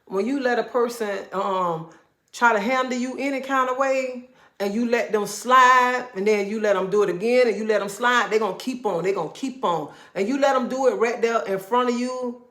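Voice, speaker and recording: A middle-aged woman hosting a casual livestream, telling animated stories to her viewers. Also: a little high, normal speed. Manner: animated storytelling with Southern-style speech. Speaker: livestream host. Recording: echoey room.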